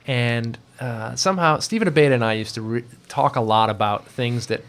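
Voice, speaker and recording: A man's voice: mid-range voice, brisk, fairly bright tone. A man telling rambling, laughing work anecdotes in a casual podcast chat, now and then mimicking other people's voices. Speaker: guest, environment artist.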